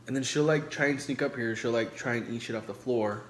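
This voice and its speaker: A vlogger in his twenties eats on camera and chats casually in a mukbang, talking between bites in laid-back slang and swearing a lot. His medium-pitched voice is brisk with few pauses. The room is echoey and noisy.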